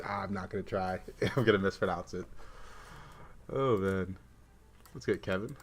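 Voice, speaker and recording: Laid-back man streaming a card game. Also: low voice. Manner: laid-back, chatty, reads and answers chat while playing. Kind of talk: casual livestream chat with gameplay commentary.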